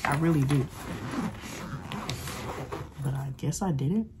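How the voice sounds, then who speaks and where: Low-voiced chatty young woman vlogging. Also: slow. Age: 20s. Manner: chatty, rambling, uses dialect slang. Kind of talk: casual vlog chat. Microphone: phone camera held close. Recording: phone recording with clear background noise.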